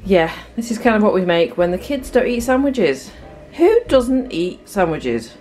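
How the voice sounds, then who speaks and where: A woman's voice: mid-range voice, very animated, measured pace, darkish tone. British woman vlogger, casual home-vlog chatter to camera, faint background music. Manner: chatty, talking straight to viewers.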